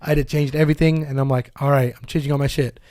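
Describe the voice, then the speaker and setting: Fast-talking man telling a story. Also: medium pitch, no echo, studio quality. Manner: fast, animated storytelling with swearing and laughter. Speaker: podcast co-host. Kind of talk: casual chat among friends.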